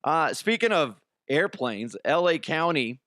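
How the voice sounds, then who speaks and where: A man's voice: a little high, sing-song, a little slow, fairly bright tone, no echo, clean studio sound. A man hosting a show, telling a story in a blunt, profane, casual way. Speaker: show host, former radio producer.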